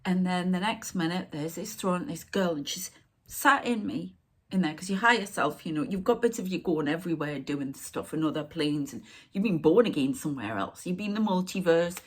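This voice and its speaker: Woman medium, middle-aged, breathy and lowish, meanders, slips into whispers. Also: animated, moderate pace. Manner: meandering, drifts into hushed whispered asides. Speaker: psychic medium. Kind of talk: rambling spiritual channelling monologue.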